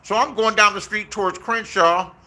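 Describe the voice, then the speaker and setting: A man's voice: sits high, fairly even intonation, moderate pace, pushed and bright. A man in his sixties from Inglewood, telling rambling, profane stories in a casual vlog and acting out the voices he quotes, recorded outdoors. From Inglewood, Los Angeles, USA. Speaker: YouTuber.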